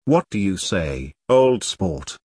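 A man doing a smarmy, posh lord who chirps his cruel remarks with breezy cheer. He is drawn from a dark comic storybook, recorded close and dry. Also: low voice, sing-song, slow, slightly rough, no room sound, pitched below the performer's own voice, exaggerated voice. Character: smarmy upper-class English lord, cheerfully callous.

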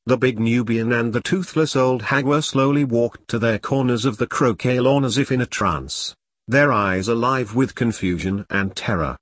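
A man reads a dark comic story aloud in a steady, even storytelling voice at a mid pitch. The sound is dry and close to the mic. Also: moderate pace, no room sound. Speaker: narrator. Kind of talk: audiobook narration.

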